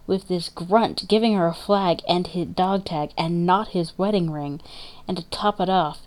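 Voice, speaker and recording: A woman reads dramatic fiction aloud, with measured, emotive narration. Her voice sits fairly low for a woman, and she gives the story steady attention. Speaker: story reader.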